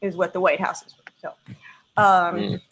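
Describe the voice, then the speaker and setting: Woman doing standup on a video call, bright clear voice, cusses a lot, preacher pauses. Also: fairly low pitch, little pitch movement, low-quality recording. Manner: emphatic, profane, pausing like a preacher between lines. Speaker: stand-up comedian.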